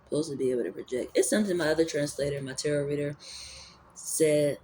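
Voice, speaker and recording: Fast-talking and dark in tone, this mid-range voice belongs to a spiritual vlogger thinking aloud, with a little hiss or hum in the audio. It's a rambling, casual musing on energy and spirituality, packed with fillers and restarts.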